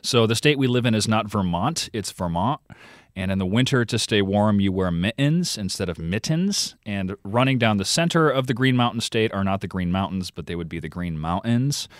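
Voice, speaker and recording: Low-voiced man explaining on radio. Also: expressive, brisk, hardly any pauses, dry recording, clean studio sound. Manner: explanatory, thinking aloud with fillers. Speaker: radio guest, podcast reporter. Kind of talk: conversational radio interview.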